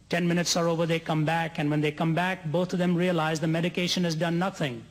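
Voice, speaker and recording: A man's voice: fairly high pitch, flat delivery. Man, preacher, earnest storytelling, rising to fervent peaks, reverberant hall. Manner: earnest storytelling, slows for emphasis, builds to soaring climax. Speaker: evangelist preacher. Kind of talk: sermon to a large gathering. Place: large conference hall.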